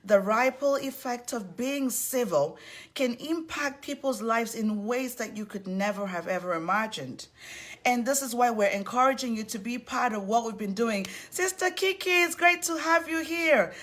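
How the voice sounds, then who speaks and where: A woman with a fairly high voice hosts a live online talk series. She is effusive and upbeat, greeting viewers one by one as they join. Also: normal speed. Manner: effusive and upbeat, repeatedly welcoming people. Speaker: host of an online civility series.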